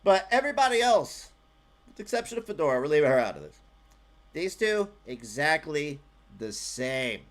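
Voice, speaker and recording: A man rambles through livestream commentary on an old clip, cracking sarcastic jokes and swearing freely. His pitch swings widely from low mutters to high bursts. The tone is loose and casual. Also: big pitch swings, fast, long pauses.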